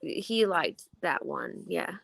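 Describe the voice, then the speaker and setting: A woman's voice: low-pitched, slow pace, creaky, a crowd in the background. A woman host chatting casually and reacting to a caller's story. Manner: reacts with short lively interjections. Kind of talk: casual chat.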